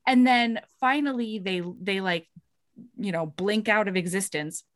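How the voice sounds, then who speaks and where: Woman, casual storyteller, mid pitch, dry close sound, lots of "like". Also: measured pace, no room sound. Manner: animated storyteller, acts out characters' lines; swears casually, frequent "like". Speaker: book discussion co-host. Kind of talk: casual chat recapping a novel.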